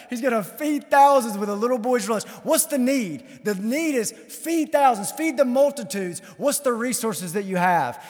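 Emphatic preacher in a reverberant hall. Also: male voice, high voice. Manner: emphatic, repeats key phrases, rhetorical questions. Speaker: pastor. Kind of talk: sermon.

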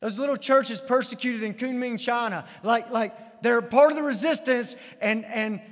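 A man's voice: very high-pitched, moderate pace, long reverb tail. A man preaching a sermon as pastor, emphatic, repeating key phrases with some stammered restarts.

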